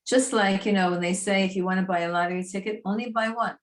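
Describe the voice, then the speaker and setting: A woman teaching a Torah class in a lively, chatty, emphatic way. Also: mid-range voice, fairly quick.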